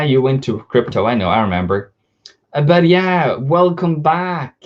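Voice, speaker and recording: A man's voice: medium pitch, measured pace. A man hosting a live forex trading stream, talking casually through charts, often cutting himself off and greeting viewers. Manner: chatty, self-interrupting, reads viewer comments aloud. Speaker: forex trading livestream host. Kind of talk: live market analysis chat. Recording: slightly dull lo-fi stream audio.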